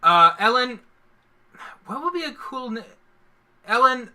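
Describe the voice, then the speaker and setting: A man's voice: extremely high pitch, big pitch swings, measured pace, pushed and bright. A man co-hosting a casual live stream, joking and poking fun at himself. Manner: jokey, self-mocking. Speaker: stream co-host.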